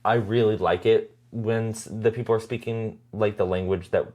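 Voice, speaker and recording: A man's voice: fairly low pitch, fairly even intonation, normal speed, a little mellow. A man co-hosting a podcast in casual chat, hedging often with "like" and "um". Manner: hesitant, hedging with "like" and "um". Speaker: podcast co-host.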